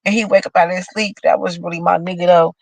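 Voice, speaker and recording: Gravelly lady riffing on horoscopes, dramatic and cussing, dry room. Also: fairly low pitch, fairly even intonation, quick pace, a little mellow, no echo, rough recording. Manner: dramatic, profane, chatty. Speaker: horoscope show host. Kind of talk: casual chat reading horoscopes aloud.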